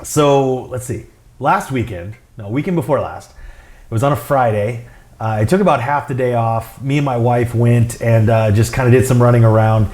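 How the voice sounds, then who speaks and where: A man's voice: medium pitch, moderate pace, darkish tone. A fitness and nutrition coach chatting casually to camera, rambling with many fillers and restarts and chuckling often as he tells stories. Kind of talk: casual vlog talk.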